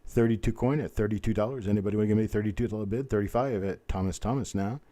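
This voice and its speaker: Folksy low-voiced man calling an auction. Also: mellow. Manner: rapid bid-calling chant mixed with folksy chatter. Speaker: auctioneer host. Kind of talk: live online auction calling.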